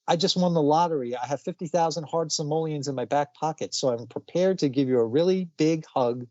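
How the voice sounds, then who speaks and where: Sarcastic talking duck hero, read by a man, wisecracking, pitched a touch above his normal talk. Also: brisk, mellow, no echo, muffled recording, close to an everyday voice.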